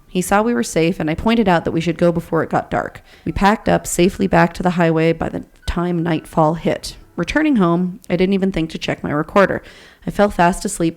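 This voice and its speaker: A woman with a fairly low voice reads a listener's ghost story on a podcast. Her delivery is a steady storytelling read, relaxed and conversational between passages. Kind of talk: story reading and casual chat.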